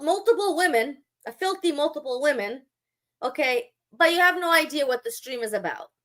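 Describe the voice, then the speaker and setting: In a high, fairly bright voice, a woman live-streams and answers her chat with sarcasm and mockery. She scolds and lectures them.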